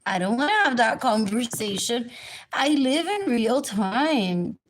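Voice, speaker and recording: A woman's voice: on the high side, expressive, a little slow. A woman rambling through a livestream monologue, drifting between topics and repeating herself.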